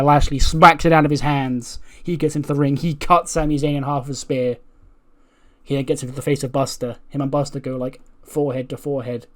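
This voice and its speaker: A man hosting a let's play, narrating a simulated wrestling show in lively play-by-play with offhand asides. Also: mid-range voice.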